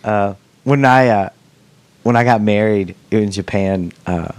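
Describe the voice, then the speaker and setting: Podcast host, middle-aged man, rambling and cussing, lowish voice, dead-dry room. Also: a little slow, clear, resonant tone, no room sound. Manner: rambling, joking, swears freely. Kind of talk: casual chat.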